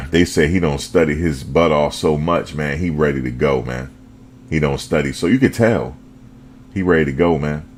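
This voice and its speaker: A man hosting a fan show, talking football in a casual, animated way, full of slang and repetition. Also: rumbling low, moderate pace, a little hiss or hum. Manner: animated, repeats himself, slangy.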